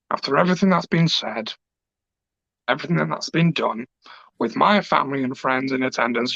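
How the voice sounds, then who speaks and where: A man's voice: fairly high pitch, creaky, fairly bright tone, no room sound. A man, a pro wrestler cutting an emotional, passionate, rambling promo. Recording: dull lo-fi dry recording.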